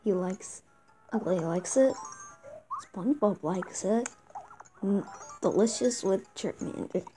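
A woman giving casual commentary on her own gameplay, reading the game's text aloud with excited outbursts. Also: mid-range voice, slow, pauses often, poor audio. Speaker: gameplay video host. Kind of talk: casual let's-play commentary. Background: game music.

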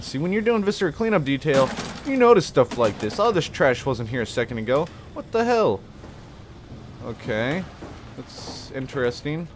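A man's voice: medium pitch, noisy background. Jokey man reacting to a horror game. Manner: jokey, startled exclamations, talks to himself. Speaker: let's play host. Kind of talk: gameplay commentary. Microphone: desk mic with face cam.

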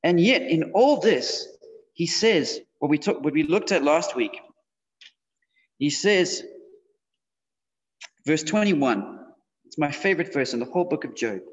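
A man's voice: on the high side, lively intonation, unhurried, long pauses. Man preaching in a reverberant hall. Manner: casual, conversational, with frequent fillers. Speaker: youth preacher. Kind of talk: sermon to teenagers. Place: church hall. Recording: dull, slightly muffled sound with long hall reverb.

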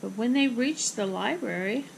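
A woman reading a children's picture book aloud with expressive, rhythmic phrasing. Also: fairly high pitch, moderate pace, vocal fry, noisy background. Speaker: storybook reader.

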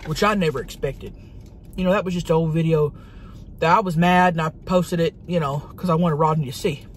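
A woman's voice: deep voice, a little fast, slight background noise, close to an everyday voice. A woman playing a brash, hot-tempered woman, who rambles profanely and dramatically in a comedic monologue from a parked car. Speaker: vlogger.

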